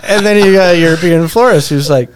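A man's voice: on the high side, moderate pace, a crowd in the background. A man telling a rambling, laughing story as a podcast guest, in a casual chat. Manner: laid-back, laughs through his story, rambles with restarts.

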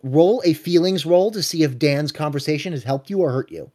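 Guy running a tabletop game, slightly high voice, brisk matter-of-fact narration. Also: mellow. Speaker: game master.

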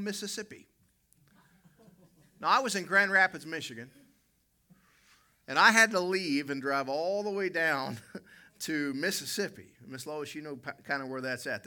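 A middle-aged American man from West Virginia preaching, his voice very bright and forceful. He speaks straight to the congregation and drifts into a rambling personal anecdote, stopping to fix his own words. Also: mid-range voice. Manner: storytelling, self-correcting, addresses congregation directly.

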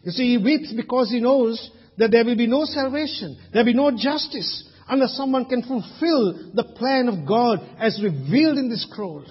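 A man's voice: very high-pitched, expressive, normal speed, few pauses, slightly rough. A man from Sri Lanka preaching a sermon in a large church hall, emphatic, with rhetorical questions. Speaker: pastor. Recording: dull lo-fi sound with long hall reverb.

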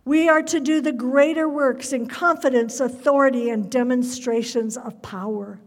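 A woman preaching a fervent sermon, her voice rising to loud cries at its peaks. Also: high-pitched, big-room sound.

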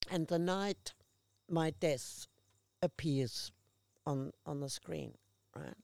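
A woman, a guest actress, telling lively anecdotes in casual conversation and acting out the people she quotes. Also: deep voice, takes it slowly, gravelly, no echo. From Australia. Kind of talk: casual chat.

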